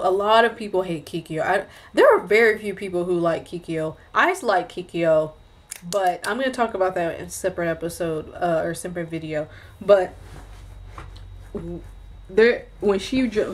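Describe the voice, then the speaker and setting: A young adult woman casually recapping an anime episode for her review series, chatty and rambling, often correcting herself mid-sentence. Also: lowish voice.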